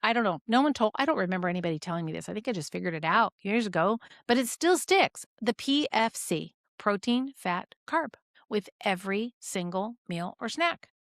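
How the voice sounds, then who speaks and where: A middle-aged woman teaching clinicians in a lively, conversational way, full of rhetorical questions. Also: medium pitch, fairly quick, no room sound, studio quality. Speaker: health educator.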